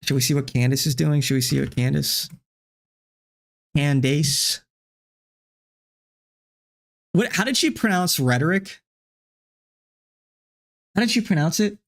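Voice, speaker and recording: A man's voice: on the high side, normal speed, vocal fry, long pauses. A man hosting a live stream, reacting to clips with profane, exasperated rants. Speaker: streamer host.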